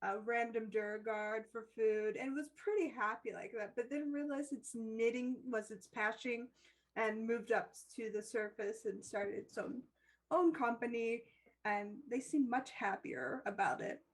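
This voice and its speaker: A woman's voice: fairly high pitch, a little slow, poor audio. A woman running a tabletop game as dungeon master, narrating scenes and laughing easily.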